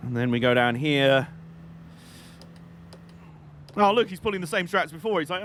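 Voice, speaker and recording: A man's voice: on the high side, animated, moderate pace, long pauses, fairly bright tone, a little hiss or hum. A young man giving rambling, jokey live commentary while playing a racing game on stream. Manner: jokey, rambling, chatty banter.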